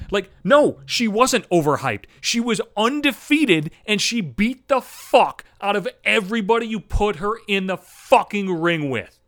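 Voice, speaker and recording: Male podcast host, angry cursing monologue, stammers when heated, slightly high voice with a very lively pitch. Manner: angry, profane, heated ranting; stammering restarts when worked up. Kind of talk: solo podcast rant.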